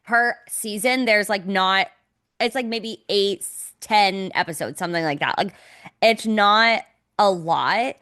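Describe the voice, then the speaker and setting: A woman's voice: medium pitch, slow, bright, forceful tone. A young woman co-hosting a casual podcast, talking in an emotional, dramatic way and swearing freely. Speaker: podcast co-host. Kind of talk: casual chat.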